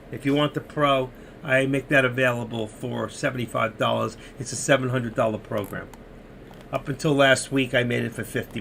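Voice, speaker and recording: A man's voice: medium pitch, gravelly, fairly bright tone, slight background noise. A man walking viewers through trading chart setups in a casual live stream, rambling and muttering to himself while he searches the screen. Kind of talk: casual screen-share tutorial.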